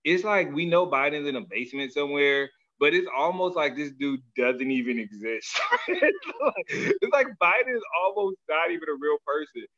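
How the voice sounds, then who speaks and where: Bright, animated man on lo-fi audio. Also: a little high, normal speed. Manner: loose, animated, slangy, often acts out other people's words. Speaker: podcast host. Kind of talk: casual chat. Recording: dull lo-fi audio.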